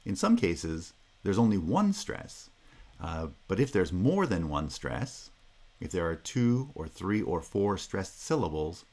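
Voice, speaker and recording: A middle-aged man lectures in a deep, low register, taking his time over each point. He speaks at an unhurried pace and sounds out example phrases with deliberate, exaggerated rhythm. It has the careful, explanatory feel of a recorded university class.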